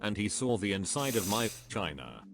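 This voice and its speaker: A man's synthetic text-to-speech voice reading stories aloud in an even, steady way. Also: lowish voice, normal speed, vocal fry, music in the background. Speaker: story reader.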